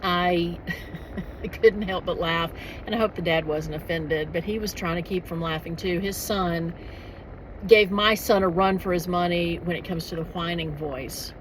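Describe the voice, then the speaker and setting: A woman's voice: lowish voice, steady tone, unhurried, slight background noise, low-quality recording. A middle-aged woman chatting casually in a vlog, rambling with frequent restarts and laughs. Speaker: author and vlogger.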